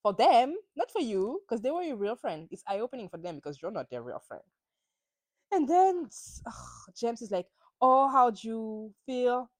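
Animated woman recapping reality TV. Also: a little high, normal speed, no room sound. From France. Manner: opinionated and animated, acts out quotes. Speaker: podcast host. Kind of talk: solo recap chat.

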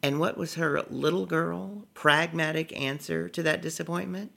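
Gravelly, forceful man telling stories. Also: fairly high pitch, moderate pace. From Texas, USA. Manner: lively, theatrical, savors words. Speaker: comedic storyteller, author. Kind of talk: vivid personal storytelling in an interview.

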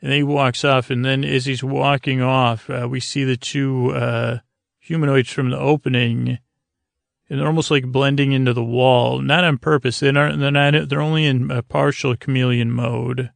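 A man hosting a podcast, giving a halting, filler-heavy episode recap meant to lull listeners to sleep. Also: medium pitch, level tone, creaky, no room sound. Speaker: podcast host.

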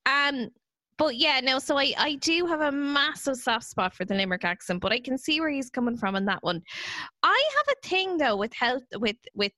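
An Irish woman hosting a podcast, chatting casually and telling stories with an animated, giggly manner. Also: high voice, moderate pace, dry recording. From Ireland. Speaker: podcast host.

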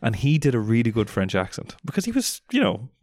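A man's voice: medium pitch, huge pitch swings, brisk, darkish tone, no echo. A young Irish man co-hosting a casual chat, teasing and easygoing with casual swearing. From Ireland. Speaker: podcast co-host.

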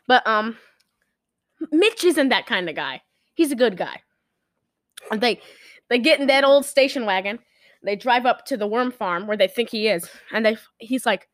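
Giggly, rambling woman with a higher voice. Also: animated, normal speed, pauses often, fairly bright tone, no room sound, studio quality. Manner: rambling, giggly, acts out quoted lines. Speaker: podcast co-host recapping a movie. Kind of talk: casual chat.

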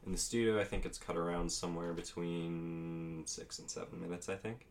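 Low-voiced laid-back musician guest. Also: male voice, flat delivery, normal speed, slight background noise. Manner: laid-back, hesitant with many ums. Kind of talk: casual comedic interview.

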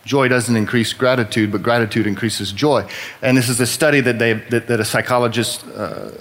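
A man's voice: mid-range voice, fairly even intonation, fairly quick, a bit bright. Wry man giving a church testimony. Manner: conversational and wry, self-deprecating humor. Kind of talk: sermon-style personal testimony.

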